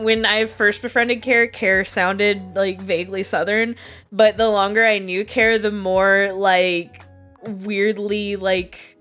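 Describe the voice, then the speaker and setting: A woman's voice: a little high, a bit bright. Woman, casual stream chat, rambling, laughing, swearing, faint music behind. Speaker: streamer chatting with friends.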